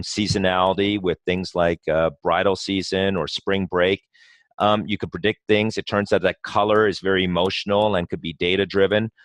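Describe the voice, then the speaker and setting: A man's voice: low voice, dry recording. A man speaking as a guest in a podcast interview, talking passionately in long runs full of "you know" and restarts. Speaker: guest, company co-founder.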